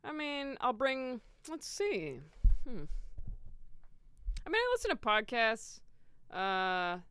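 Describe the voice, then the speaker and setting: A woman's voice: on the high side, very animated, takes it slowly, fairly bright tone, clear, resonant tone. A woman in her thirties, a comedian guest on a podcast, chatting casually with a laid-back, chuckly manner. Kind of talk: casual chat.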